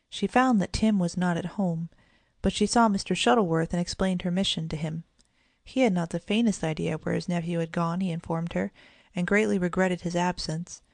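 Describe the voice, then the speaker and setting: A woman narrating a children's storybook in a gentle, even storytelling manner. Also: on the low side, a little fast, vocal fry, no echo. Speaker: audiobook narrator.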